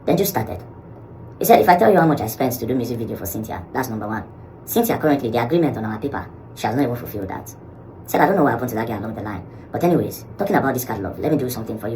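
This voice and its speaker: A man with a Nigerian accent telling a story in a vlog. He acts out the quoted dialogue in an animated way and mixes Pidgin into his English. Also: medium pitch, slight background noise, poor audio. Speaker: social media commentator.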